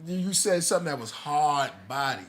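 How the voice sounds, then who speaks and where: A man's voice: on the high side, expressive, fairly quick, crowd noise. A man co-hosting a casual livestream discussion, teasing and laughing often.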